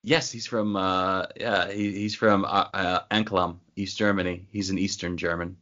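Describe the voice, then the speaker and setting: A man chats about a film in a wry, joking way, sometimes hesitating mid-sentence. His voice sits on the low side. The recording sounds a bit dull and lo-fi. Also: little pitch movement, normal speed, bright, forceful tone. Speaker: podcast co-host. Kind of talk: casual movie discussion.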